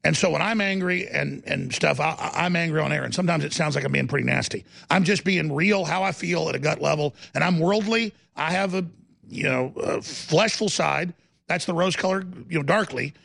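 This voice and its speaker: A man hosting a talk radio show, ranting aggressively in a rapid-fire manner. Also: fairly high pitch, vocal fry, a bit bright.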